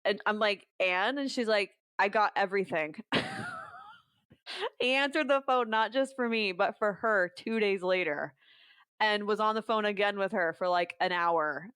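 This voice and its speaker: A young adult woman, a podcast guest, telling her story quickly and acting out quoted dialogue. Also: mid-range voice, a bit bright, smooth, dry recording, studio quality. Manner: fast storytelling, quoting others in dialogue. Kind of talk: podcast conversation.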